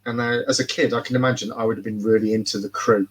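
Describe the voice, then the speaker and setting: A man's voice: fairly low pitch, steady tone, quick pace, slightly rough, poor audio. A man in casual podcast chat, rambling and repeating words as he talks. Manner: rambling, repeats words, laughs at his own jokes. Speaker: podcast guest.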